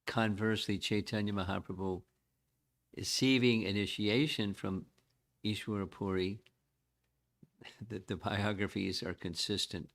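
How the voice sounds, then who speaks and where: Older male teacher, low-pitched, measured devotional lecture, reflective delivery. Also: fairly even intonation, fairly bright tone. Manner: measured, reflective, chants verses slowly. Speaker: spiritual teacher.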